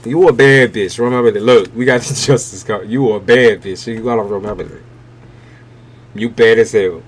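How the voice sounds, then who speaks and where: A man's voice: lowish voice, moderate pace, a little hiss or hum. A man giving a live-stream tarot reading, blunt and emphatic, with heavy swearing. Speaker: tarot reader.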